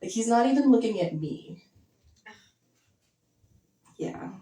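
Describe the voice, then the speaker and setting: A young woman doing a stand-up set in a basement club, talking casually and deadpan, full of likes and ums. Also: fairly high pitch, takes it slowly. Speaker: stand-up comedian. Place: basement comedy venue with audience. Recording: echoey basement, mic heard from a distance.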